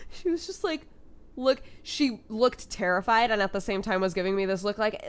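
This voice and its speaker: A woman's voice: moderate pace, smooth. A young woman vlogging casually, telling everyday stories and acting out what people said. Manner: animated, acts out quoted voices with big pitch jumps and laughs. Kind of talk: casual storytelling to camera.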